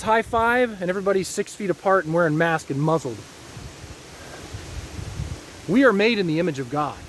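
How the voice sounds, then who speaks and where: A man from Ohio talking casually to his viewers in a rambling, folksy monologue with preachy asides. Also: high voice. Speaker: vlogger.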